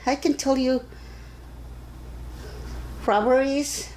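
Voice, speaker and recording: An older woman from Arizona being interviewed, telling stories in a casual, animated way and acting out the voices of the people in them. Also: high-pitched, takes it slowly, a little hiss or hum, rough recording. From Arizona, USA. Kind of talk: casual storytelling.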